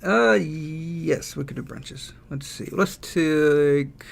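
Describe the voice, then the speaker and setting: Gravelly man streaming casually. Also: fairly high pitch, takes it slowly. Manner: relaxed, thinking aloud, reads out chat messages. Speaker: game developer streaming live. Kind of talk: casual livestream chat while drawing.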